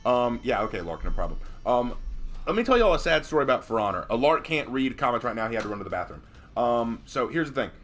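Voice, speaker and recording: A man's voice: medium pitch, quick pace. A young man chatting casually with viewers while playing a game, joking and telling stories. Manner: animated, joking, addresses viewers as y'all. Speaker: streamer and host. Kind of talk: casual chat while gaming.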